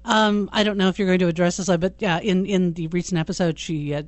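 A woman's voice: on the low side, steady tone, fast talker, no room sound. A woman co-hosting a podcast in casual chat, dry and teasing. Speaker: podcast co-host.

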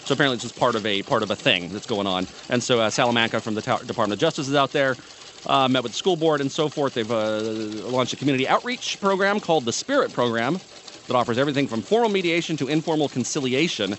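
Guy guesting on a radio show, talks fast but stumbles with lots of uhs, faint hum in the back. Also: mid-range voice, lively intonation, fairly bright tone. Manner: hesitant, filler-heavy, agreeable. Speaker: guest co-host. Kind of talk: casual radio chat.

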